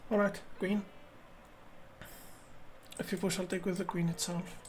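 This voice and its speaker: A woman chess streamer thinking aloud as she plays, muttering to herself in halting, repeated phrases. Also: fairly low pitch, little pitch movement, darkish tone, a little hiss or hum.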